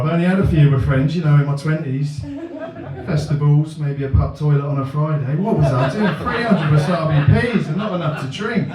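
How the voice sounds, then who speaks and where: A man doing a deadpan, self-mocking stand-up set in a comedy venue. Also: on the high side. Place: comedy venue with a live audience. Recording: echoey room, mic at a distance.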